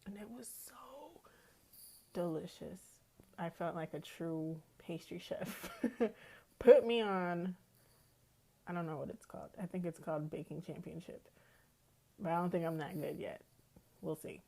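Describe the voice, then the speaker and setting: A woman's voice: on the low side, steady tone, unhurried, gravelly, long pauses, mellow. Chatty woman podcaster. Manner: chatty, easygoing, laughs often. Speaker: podcast host. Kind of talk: casual chat.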